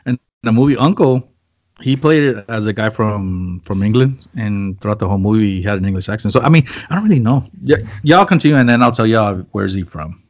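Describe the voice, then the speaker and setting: A man's voice: fairly low pitch, lively intonation, brisk, darkish tone, muffled recording. A man chatting casually as a podcast co-host, loose and rambling, swearing and joking. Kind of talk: casual chat.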